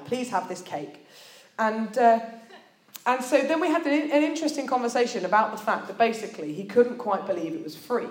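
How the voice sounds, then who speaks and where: A woman's voice: on the high side, echoey room. A woman giving a sermon to students, telling a personal story in a chatty, self-deprecating way with plenty of fillers. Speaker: speaker at a student church meeting.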